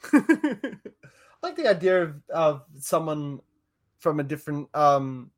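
Wry, self-mocking man, fairly high voice. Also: sing-song, takes it slowly. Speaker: podcast co-host. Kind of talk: casual podcast chat. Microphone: podcast microphone, audio only.

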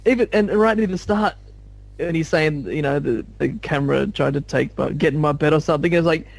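Animated, higher-voiced man telling funny stories. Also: brisk, creaky. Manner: animated and jokey, laughs at his own stories. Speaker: podcast panelist called Captain. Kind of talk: casual music discussion.

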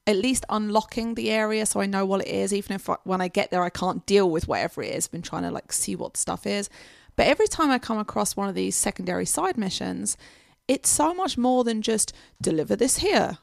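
Gravelly-voiced British woman on a podcast. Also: mid-range voice, lively intonation, a little fast, no room sound, clean studio sound. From Britain. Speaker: podcast co-host. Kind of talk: casual chat about video games.

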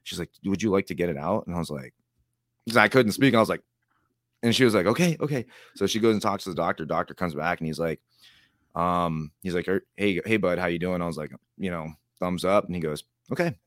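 A man's voice: sits low, animated, fairly quick, dry recording, clean studio sound. A man speaking as an interview guest, rambling and acting out other people's lines with laughs. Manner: rambling, acts out quoted voices with laughs. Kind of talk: casual storytelling interview.

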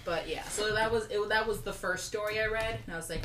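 A woman's voice: medium pitch, fast. Young female podcast host, casual retelling, faint background hiss. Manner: loose, filler-heavy retelling with many "like"s. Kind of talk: casual storytelling chat. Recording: roomy room, distant mic, faint hiss.

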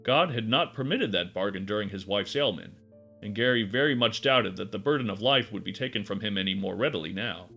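A man reads a dark story aloud in a measured, expressive way. His voice is bright and fairly low, and his intonation moves a lot. Faint instrumental music plays beneath him. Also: creaky. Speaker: narrator. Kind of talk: dramatic audiobook narration.

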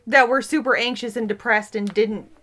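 Woman, higher pitch, chatty and quick to laugh. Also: steady tone, a bit bright. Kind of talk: casual group chat.

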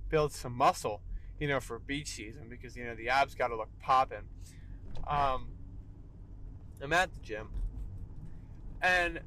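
A man's voice: mid-range voice, bright, forceful tone, slight background noise, low-quality recording. A young man hosting a solo podcast, talking emphatically and tagging "all right" onto his points. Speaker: podcast host.

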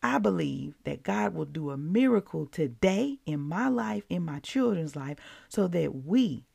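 A woman hosting a devotional podcast, preaching emphatically and breaking into excited outbursts. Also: lowish voice, unhurried, gravelly, slightly rough. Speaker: podcast host.

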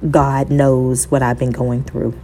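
Low, mellow woman podcaster preaching softly. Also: level tone, slow pace, a little hiss or hum. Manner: emotional, preachy, addresses listeners as y'all; quotes scripture in a sermon cadence. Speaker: podcast host. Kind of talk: faith-filled personal storytelling.

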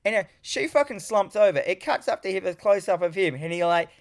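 A man's voice: sits high, lively intonation, quick pace. A man, casually recapping a film as a podcast co-host, sweary and rambling. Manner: sweary, rambling, laughs often.

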